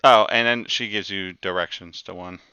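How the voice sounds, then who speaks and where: A man's voice: low-pitched, steady tone, moderate pace, pushed and bright, smooth, dry recording, highs cut off. A man running a tabletop game as game master, explaining in a rambling way and repeating words as he goes.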